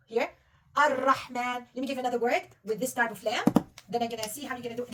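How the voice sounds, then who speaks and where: Patient high-voiced woman teaching reading. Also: quick pace, bright, forceful tone, distant mic. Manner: patient, coaxing, asks many questions. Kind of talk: one-on-one reading lesson.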